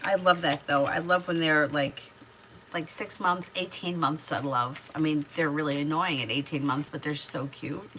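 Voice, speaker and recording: A woman's voice: deep voice, fairly even intonation, normal speed, fairly bright tone, slight background noise, poor audio. A woman in her thirties giving chatty, casual tarot readings on a livestream, laughing often as she talks. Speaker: tarot reader.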